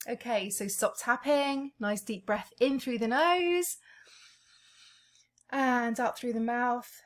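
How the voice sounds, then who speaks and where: Slowly and softly, a woman with a fairly high-pitched voice walks listeners through EFT tapping, announcing every point in turn.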